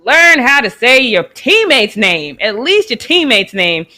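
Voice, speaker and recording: A woman's voice: on the high side, very animated, unhurried, pushed and bright. A woman from the United States hosting a live sports talk show, chatting casually and laughing as she reacts to clips. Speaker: host. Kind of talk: casual commentary on sports news.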